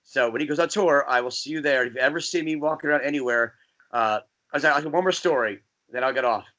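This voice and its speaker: A man from New Jersey, a guest DJ, chatting casually and telling rambling, animated stories. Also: mid-range voice, fast, muffled recording. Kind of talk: casual podcast chat.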